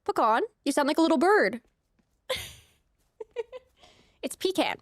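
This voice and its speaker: Chatty young woman streamer, high voice. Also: lively intonation, slow, no echo, studio quality. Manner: chatty, rambling asides, laughs often. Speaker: streamer playing a farming game. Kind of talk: casual let's-play chat.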